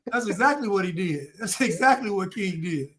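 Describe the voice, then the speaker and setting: High-pitched male podcast host, animated and laughing storyteller on a casual panel. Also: normal speed, a little hiss or hum. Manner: animated joking storytelling, frequent laughs and repeated starts.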